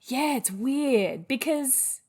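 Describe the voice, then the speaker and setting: A woman's voice: sits high, expressive, very slow, darkish tone, breathy edge. An Australian woman co-hosting a podcast, chatting playfully and giggling often. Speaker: podcast co-host. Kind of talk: casual chat.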